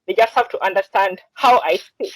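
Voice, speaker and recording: Woman from Uganda, animated storyteller, dry close sound. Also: medium pitch, moderate pace, no echo, poor audio. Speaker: podcast co-host. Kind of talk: casual podcast chat.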